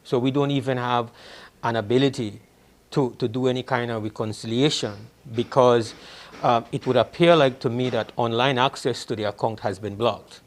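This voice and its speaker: A man's voice: mid-range voice, fairly even intonation, normal speed. A man speaking for a union in a press interview, hesitant and frustrated, with many restarts. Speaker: union representative.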